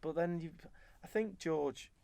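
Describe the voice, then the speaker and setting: A former footballer as a guest, telling stories in relaxed chat and acting out what was said. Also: male voice, on the high side, measured pace, creaky, no room sound. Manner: animated, acts out quoted remarks. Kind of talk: conversational storytelling.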